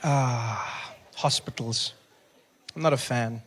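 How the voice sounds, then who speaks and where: A man with a South African accent doing animated stand-up comedy and chatty crowd work in front of a live audience. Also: mid-range voice, slow pace, breathy edge. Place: stage before a live audience.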